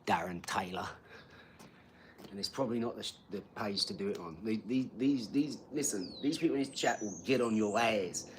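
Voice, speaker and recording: A man's voice: fairly low pitch, brisk, few pauses, a little hiss or hum. A man, chatting casually on a live stream and bantering with a troll in his comments.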